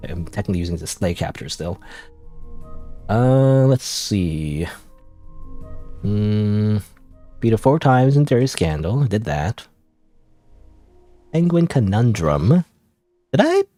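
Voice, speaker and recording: A male streamer talking off the cuff while he plays, rambling and unsure of himself. His fairly low voice rises and falls a lot, with quiet music running underneath. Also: big pitch swings, slow, pauses often. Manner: rambling, self-doubting, frequent fillers and laughs. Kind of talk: casual gaming livestream chat.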